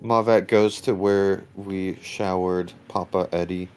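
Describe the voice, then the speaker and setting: A man's voice: sits low, steady tone, slow, darkish tone, clear, resonant tone, faint music behind. A man playing a tabletop game, plainly describing what his character does. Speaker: player.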